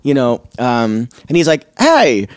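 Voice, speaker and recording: A man guest on a podcast, telling tour anecdotes in an animated, laughing way. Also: mid-range voice, a little fast, dry recording, studio quality. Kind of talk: casual storytelling.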